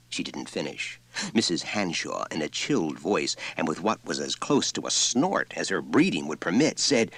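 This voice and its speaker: A man narrating a story in an expressive, lively reading. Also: extremely low pitch, normal speed, no echo. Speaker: audiobook narrator.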